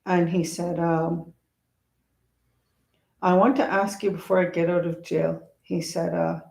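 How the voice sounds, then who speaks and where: A woman, a traditional teacher, telling a personal story in an earnest, reflective way with pauses and hesitations. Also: fairly low pitch, level tone, vocal fry, dark tone. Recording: roomy echo.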